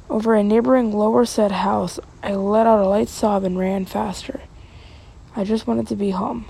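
A woman's voice: medium pitch, gravelly, dark tone, husky, low-quality recording. A woman narrating a story aloud, reading dramatically, now and then dropping into a whisper and tripping over words.

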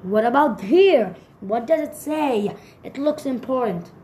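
A woman's voice: a little high, lively intonation, a little slow, warm tone, a little hiss or hum. Woman reading impatient greedy museum man, barking demands, raised voice, echoey room, storybook. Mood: demanding.

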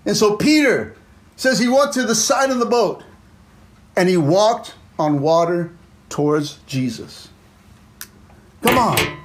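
A pastor delivering an impassioned sermon in a strikingly high voice for a man. He punctuates every thought with "amen" and "come on." He rises to loud bursts and then sinks into hushed, low asides. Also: lively intonation, slow pace, pauses often, slight background noise. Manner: fervent preaching, peppered with "amen" and "come on"; swings between loud exclamations and low, quiet asides.

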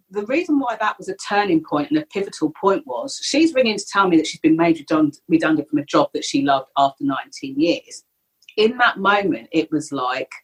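Middle-aged woman, low and slightly husky, candid guest sharing a personal story. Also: poor audio. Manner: candid, reflective, animated when retelling. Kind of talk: personal storytelling in a podcast interview.

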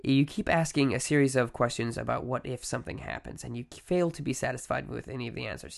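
A man of middling pitch talks alone into a podcast mic with a gravelly edge to his voice. He is reflective and conversational, stopping to correct himself and filling gaps with ums. When he quotes other people, he drops lower and quieter. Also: fast talker, few pauses. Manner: reflective, conversational, with many fillers and self-corrections. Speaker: podcast host. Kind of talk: solo podcast monologue on mental health.

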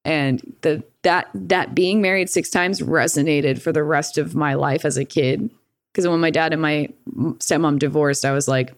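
A woman's voice: low voice, steady tone, normal speed, vocal fry, dry recording, clean studio sound. A woman telling a story in a casual, rambling way, swearing freely and acting out the voices she quotes. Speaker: guest.

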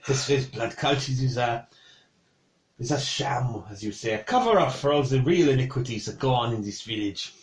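A man's voice: medium pitch, normal speed, reverberant, lightly acted. A man voicing a defiant peasant woman with a French accent in a tabletop game. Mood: scornful. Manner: defiant, suspicious, proud. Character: defiant Bretonnian peasant woman drinking wine.

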